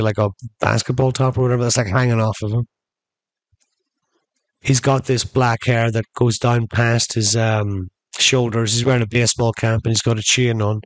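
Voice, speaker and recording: A man's voice: medium pitch, no echo. A man hosting a podcast, telling a rambling story casually and calling his listeners folks. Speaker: podcast host.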